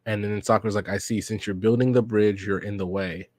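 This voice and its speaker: A man casually reading a manga aloud for a reaction podcast, narrating scenes in slangy, relaxed speech and reading character lines without much change in voice. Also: lowish voice, fairly quick, no room sound. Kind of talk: casual read-along reaction.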